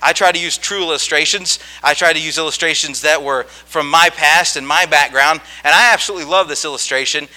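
A man preaching a sermon, telling a childhood story in a folksy, animated way and often checking in with his listeners. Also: fairly high pitch, fairly quick, hardly any pauses. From rural farm upbringing.

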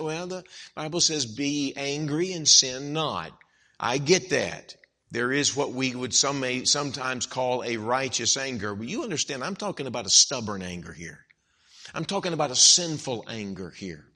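A man preaching an evangelical sermon, swinging from hushed, slow lines to loud, emphatic outbursts. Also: medium pitch, big pitch swings.

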